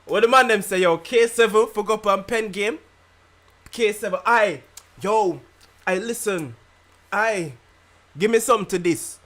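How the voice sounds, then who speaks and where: A man's voice: sits high, unhurried, pauses often, fairly bright tone. A man with a London accent live-streaming his reaction to a rap battle, talking in loose slang, laughing often and repeating his lines.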